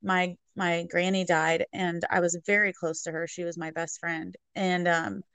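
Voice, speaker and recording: A woman's voice: fairly low pitch, flat delivery, a little slow, a bit bright, clear, resonant tone, no room sound. A young woman speaking reflectively and matter-of-factly about her own experiences in candid conversation.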